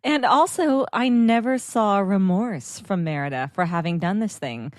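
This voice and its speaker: Woman, 30s, podcast co-host, casual agreeable chat, medium pitch, dry recording. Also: lively intonation, measured pace, a little mellow, no room sound. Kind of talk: casual movie review chat.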